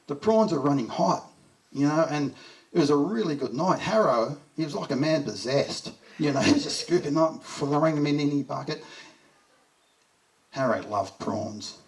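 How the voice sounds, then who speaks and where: At a memorial gathering, a middle-aged Australian delivers a heartfelt speech full of fond stories and chuckles. His slightly high voice has lively intonation at a normal speed, picked up from well back from the mic.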